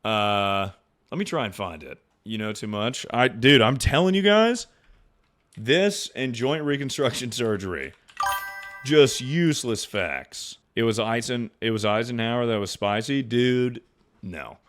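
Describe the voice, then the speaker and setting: A young man streaming, rambling and joking with lots of swearing and quick impressions. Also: medium pitch, expressive, a bit bright. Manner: rambling, profane, jokey, often slips into impressions. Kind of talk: casual livestream commentary.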